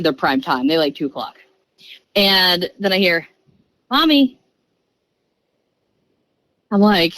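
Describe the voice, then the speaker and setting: A woman in her thirties, a podcast guest telling a story in a casual, chatty way, jumping into quick bursts and acting out the voices she quotes. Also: medium pitch, dry recording, poor audio. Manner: animated, acts out voices and quoted lines.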